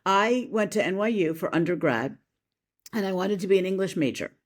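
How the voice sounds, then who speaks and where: A woman from Philadelphia speaks as a podcast guest, relaxed and chatty as she explains things, sprinkling in plenty of "like"s. Her pitch sits in an ordinary middle range. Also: brisk. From Philadelphia, USA. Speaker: guest, creative director and editor. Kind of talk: casual interview chat.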